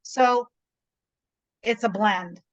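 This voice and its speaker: Speaking very slowly in a mid-range voice, a middle-aged woman chats as a guest realtor over video call. She shares stories and keeps asking "right?" along the way. The audio sounds dull.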